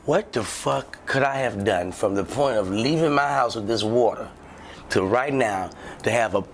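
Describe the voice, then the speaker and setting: Animated storytelling man, wildly lively pitch. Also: moderate pace, a little hiss or hum. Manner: acts out shouting cops and himself, swears a lot, lively. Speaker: podcast co-host telling a story. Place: podcast studio.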